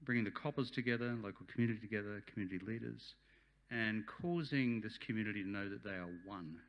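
A man's voice: on the low side, fast talker, lo-fi sound. Man, Australian accent, sixties, speech at a function hall, chatty, jokey. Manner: chatty, jokey, warm-hearted. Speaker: guest speaker. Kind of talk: speech at a community event.

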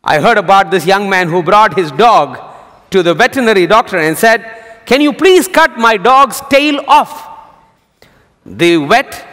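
A male pastor preaching a sermon, telling jokes as a lively storyteller. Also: high-pitched, unhurried. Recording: long hall reverb.

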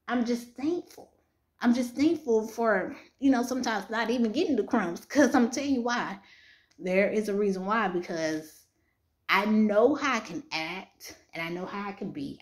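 A young woman, casually chatting with her viewers in a home vlog, full of fillers and restarts. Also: a little high. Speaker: Christian romance author vlogging. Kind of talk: casual chat. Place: bedroom at home.

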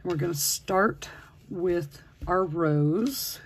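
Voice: mid-range voice, very slow, a little hiss or hum. A crochet instructor talking through a project step by step, patiently counting stitches aloud while working. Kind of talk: step-by-step crafting tutorial.

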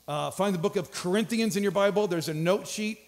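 A man's voice: high-pitched, a little fast. A man, a pastor, giving announcements and introducing a guest speaker with an upbeat, joking manner. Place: large church hall. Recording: hall reverb from a church stage.

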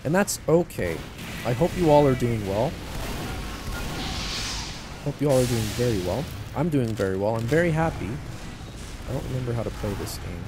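A man's voice: medium pitch, animated, moderate pace, long pauses, background noise. Rambling, joking man over game gunfire. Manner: rambling, self-deprecating and joking. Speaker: YouTuber. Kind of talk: casual gameplay commentary.

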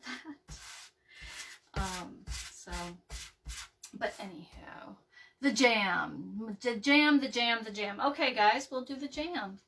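A woman's voice: medium pitch, a bit bright, recorded from a distance, slight background noise. A woman hosting a casual craft video, rambling and chatty with many ums and restarts as she works. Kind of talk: casual live craft chat. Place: home craft table, indoors.

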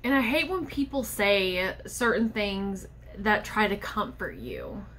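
A woman's voice: medium pitch, very animated, slow, a bit bright, a little hiss or hum. A young woman vlogger talking candidly and with frustration about a personal struggle, speaking straight to the camera. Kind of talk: personal vlog monologue.

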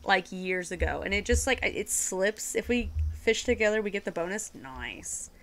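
Giggly chatty woman with vocal fry. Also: mid-range voice, animated, normal speed, fairly bright tone. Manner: chatty, giggly, slips into a put-on accent-like voice; talks to chat and other players while playing. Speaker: streamer. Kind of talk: casual live gaming chat.

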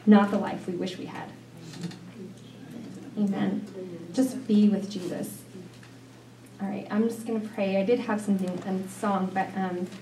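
This Bible study leader, a middle-aged woman, talks to a women's group in a church meeting room in a rambling, chatty style full of fillers and restarts. Her mid-range voice has a darkish tone, recorded at a distance in an echoey room with a little hiss or hum.

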